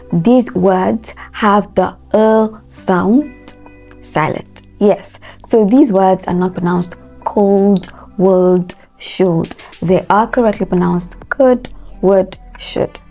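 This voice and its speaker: A woman teaches English pronunciation with a warm, dark tone and a noticeable vocal fry. She spells each word out letter by letter, repeats it slowly, and asks listeners to say it after her. Soft music plays faintly behind her. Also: medium pitch. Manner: instructive, spells words out letter by letter and repeats them. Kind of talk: pronunciation lesson.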